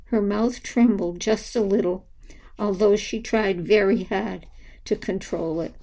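Slow, mellow woman reading a story. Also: medium pitch, low-quality recording. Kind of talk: scripted narration of a children's story.

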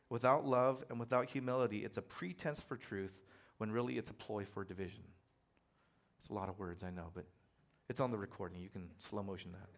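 A man preaching a sermon in a conversational, animated way, telling personal stories with self-deprecating humor. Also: medium pitch. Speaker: pastor.

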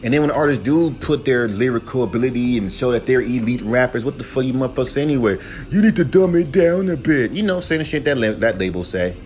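A man's voice: mid-range voice, fast, hardly any pauses, darkish tone, faint music behind. A young man hosting a solo podcast, ranting heatedly and profanely, sometimes mocking the people he criticizes in put-on voices. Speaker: podcast host.

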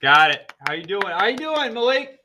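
A male ESL teacher with a high, very lively voice, upbeat and coaxing as he runs a casual classroom podcast. The recording is noisy, with clicks from the mic. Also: moderate pace. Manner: upbeat, coaxing, laughs often.

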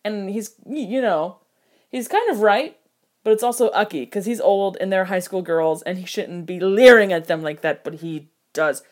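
A woman giving casual film commentary, animated and jokey, with mock outrage and quick impressions of characters. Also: mid-range voice. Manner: quoting characters in quick put-on voices. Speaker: film reviewer.

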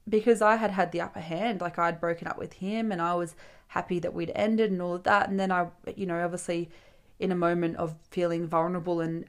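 A young woman, hosting a casual solo podcast. She tells a personal story in a chatty way, swears freely and acts out her friends' lines. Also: fairly low pitch. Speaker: podcast host.

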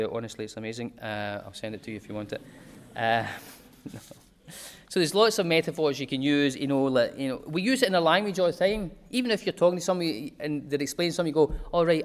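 A man giving an informal talk to a small group, chatty and digressive, with homely examples. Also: mid-range voice.

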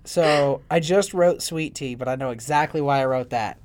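A man in his thirties co-hosting a casual chat, telling crude, profane stories with big animated swings. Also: on the high side, moderate pace. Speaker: podcast co-host.

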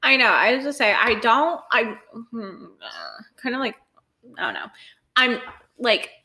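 A young woman co-hosts a casual podcast, relaxed and hedging her opinions. Her voice is bright and forward and sits a little high. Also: a little slow, gravelly. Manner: easygoing, hedging, giggly. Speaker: podcast co-host. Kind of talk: casual chat, reading quotes aloud.

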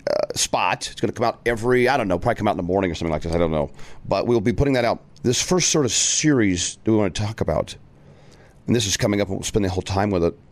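A man hosting his own political talk podcast, firing off rhetorical questions with emphatic exclamations. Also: lowish voice. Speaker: podcast host.

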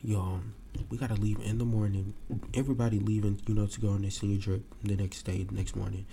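A man telling a story to his podcast listeners in a casual, animated way. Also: lowish voice, quick pace, gravelly, a little hiss or hum. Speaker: podcast host.

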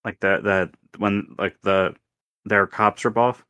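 A man's voice: on the low side, steady tone, pushed and bright, clean tone, no echo. A man co-hosting a gaming podcast, chatting casually and often restarting his sentences. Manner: halting, many restarts and fillers. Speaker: podcast co-host. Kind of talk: casual chat.

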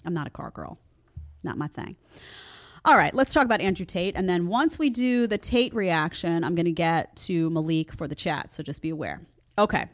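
A woman in her thirties hosting a casual reaction show and talking to her live chat, chatty and expressive. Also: on the low side, moderate pace. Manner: chatty and animated, acts out quotes. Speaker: host reacting to clips.

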